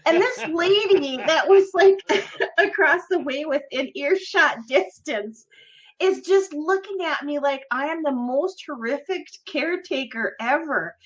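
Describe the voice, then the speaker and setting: A woman's voice: sits high, a little slow. A woman hosting a podcast, telling a story in a casual, giggly, chatty way. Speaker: podcast host. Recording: lo-fi recording.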